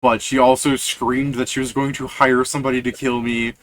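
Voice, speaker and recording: A man's voice: medium pitch, little pitch movement, brisk, slight background noise, poor audio. A young man in casual post-game chat, telling rambling stories full of restarts. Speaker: tabletop game player.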